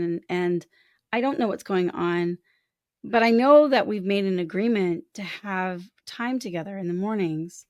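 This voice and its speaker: A woman's voice: medium pitch, measured pace, darkish tone, no room sound, studio quality. A woman co-hosting a podcast in casual conversation, speaking frankly and acting out quoted thoughts with expression. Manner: frank, candid speech. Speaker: podcast co-host.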